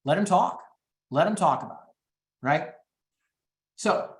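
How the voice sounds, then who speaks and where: A man coaching real estate agents on phone scripts, talking fast and upbeat and acting out the calls. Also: lively intonation, roomy sound. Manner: high-energy, quick, acts out phone calls. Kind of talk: teaching sales scripts in a webinar.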